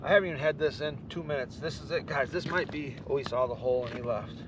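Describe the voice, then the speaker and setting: A man, excitedly talking to viewers while ice fishing on a frozen lake. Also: mid-range voice, quick pace. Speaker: fishing vlogger. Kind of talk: casual outdoor commentary. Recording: outdoor wind noise, distant mic.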